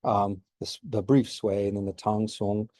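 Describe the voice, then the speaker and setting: Low mellow guy doing a slideshow history lecture, lots of uh and um, dry close sound. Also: steady tone, moderate pace, no room sound. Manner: informal, many fillers and restarts.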